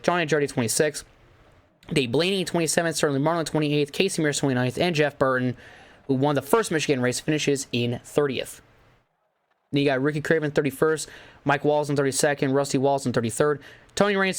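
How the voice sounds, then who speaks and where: A young man who has nearly lost his voice, calling and recapping a race with excitable, repeated exclamations. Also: medium pitch. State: hoarse, losing his voice. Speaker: race commentator and channel host. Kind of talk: play-by-play race commentary and recap.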